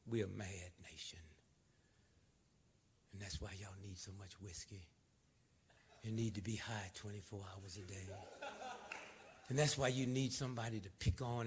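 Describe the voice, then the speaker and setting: A man giving an impassioned, sarcastic lecture, swinging between shouting and hushed asides. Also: lowish voice, a little hiss or hum. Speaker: public speaker. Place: lecture hall.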